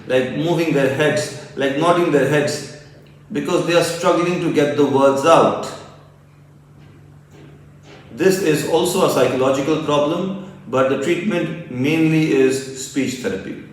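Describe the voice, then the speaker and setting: A man who is a doctor, calmly explaining a medical topic as a teaching lecture. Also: fairly high pitch. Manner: calm, explanatory. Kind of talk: educational lecture. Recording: echoey room, voice from far off mic.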